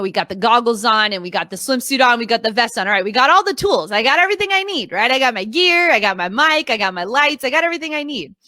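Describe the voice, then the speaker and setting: A woman's voice: on the high side, pushed and bright, no echo, clean studio sound. A woman in her thirties giving a motivational talk to a live online audience as a video coach, earnest and emphatic, repeating her key phrases. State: emotional, near tears at times.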